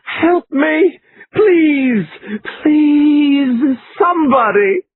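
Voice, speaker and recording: A woman's voice: high voice, animated, drawn-out words, dry recording, voice pushed up, heavily acted. A man voicing a panicking middle-aged fashion guru woman who pleads and sobs hysterically. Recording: lo-fi phone-like line, faint hiss.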